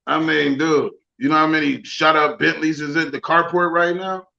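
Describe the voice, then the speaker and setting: A man's voice: on the high side, steady tone, moderate pace, vocal fry, sharp tone. A man hosting a podcast in casual chat, talking in an emphatic, preachy and profane way. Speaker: podcast host. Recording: dull lo-fi sound.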